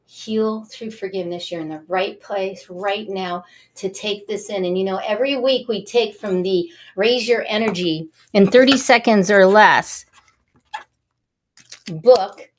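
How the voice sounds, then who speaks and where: Upbeat woman hosting a self-help show. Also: mid-range voice. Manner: animated, coaxing, guides viewers through breathing exercises. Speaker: host.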